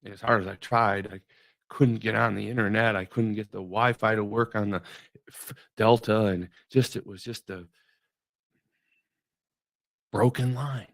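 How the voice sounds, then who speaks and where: A middle-aged man hosting a devotional talk, musing in a conversational way that often trails off quietly. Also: lowish voice, steady tone, unhurried, vocal fry, pauses often, no room sound. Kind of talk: reflective spoken devotional.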